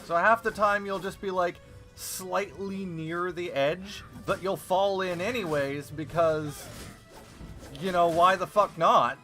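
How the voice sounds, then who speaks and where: A man's voice: high voice, steady tone, slow pace, bright, forceful tone. A man playing a game on stream, commenting casually and swearing in exasperation. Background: faint game music.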